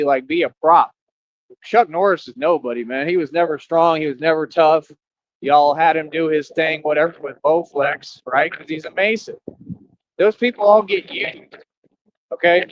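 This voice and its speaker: A man's voice: on the high side, highs cut off. A man, ranting in a casual, boastful, defiant monologue at his critics.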